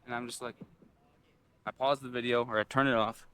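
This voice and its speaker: A young man rants through a storytime vlog, cursing freely and getting worked up as he talks. His voice sits in an ordinary middle pitch. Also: a little fast, clear, resonant tone, no room sound. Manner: animated, swearing, frustrated ranting. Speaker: vlogger.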